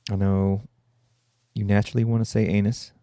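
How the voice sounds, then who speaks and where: A man hosting a solo comedy podcast, irreverent and full of quick joking asides. His voice is gravelly and dark, and it sits dry and close with no room sound. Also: on the low side, steady tone, no echo. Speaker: podcast host.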